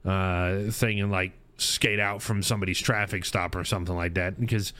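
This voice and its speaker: A man in his thirties hosts a laid-back recap, his voice smooth and clear and a touch low. He rambles through stories with plenty of "uh"s and restarts. The sound is dry and close. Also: steady tone, normal speed, bright, forceful tone, dry recording. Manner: rambling, many fillers and restarts. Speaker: streamer and podcast host. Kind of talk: casual recap chat.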